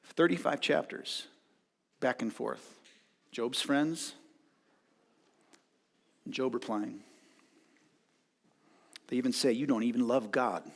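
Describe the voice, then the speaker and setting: A male pastor preaching a sermon, retelling a story dramatically and acting out the voices with loud outbursts. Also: medium pitch, slow, long pauses. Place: church hall. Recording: long hall reverb.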